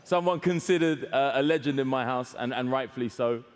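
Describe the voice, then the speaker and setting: A man's voice: medium pitch, brisk. A man hosting an awards ceremony on stage, joking, rambling and laughing at his own jokes. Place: large hall with live audience. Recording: long hall reverb, audience noise.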